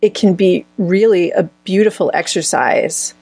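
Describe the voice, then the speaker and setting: In a dry recording, a woman with a fairly low, darkish-toned voice speaks unhurriedly. She's a healer being interviewed, answering conversationally while hunting for words and frequently restarting phrases partway through.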